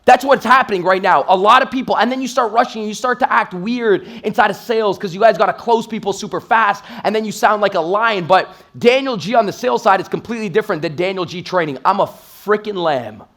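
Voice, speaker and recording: A man's voice: high voice, fairly quick, few pauses, a bit bright. A man in his thirties from Toronto, Canada, giving an intense motivational stage talk as a sales trainer and acting out quotes as he tells stories. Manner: intense, hype-driven storytelling with acted-out quotes. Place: stage in a live event room.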